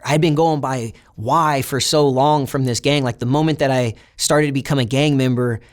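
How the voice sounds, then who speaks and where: Young man, interview guest, casual reflective storyteller, mid-pitched. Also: fairly even intonation, normal speed. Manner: casual, reflective retelling with acted quotes of other inmates.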